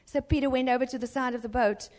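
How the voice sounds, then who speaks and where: A woman preacher giving an impassioned sermon in a church, swinging between urgent exhortation and hushed storytelling. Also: high voice, steady tone, fast talker, long reverb tail.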